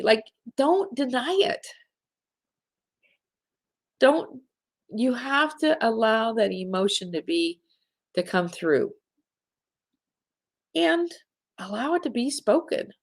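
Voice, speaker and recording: A woman's voice: a little high, creaky. A middle-aged woman hosting a live spiritual talk show, speaking in an earnest, heartfelt way to her listeners.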